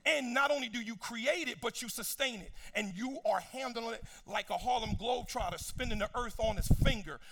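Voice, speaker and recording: A high-pitched male preacher with a bright, forceful voice. He walks through scripture with casual asides to his congregation. His delivery rises into sung, shouted lines and drops to near-hushed passages. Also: fairly quick, few pauses. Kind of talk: sermon.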